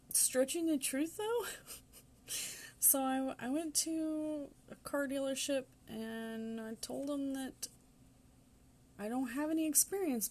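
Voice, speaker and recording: A woman's voice: high voice, darkish tone. A talkative woman in her forties with a Southern accent hosts a tarot reading. Her delivery is casual and meandering, and she laughs often as she talks. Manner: chatty, rambling, laughs often. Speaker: tarot reader.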